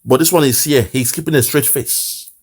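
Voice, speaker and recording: A man's voice: mid-range voice, normal speed, husky. A man with a Nigerian accent giving impassioned political commentary, lamenting and repeating phrases for emphasis. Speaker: online commentator.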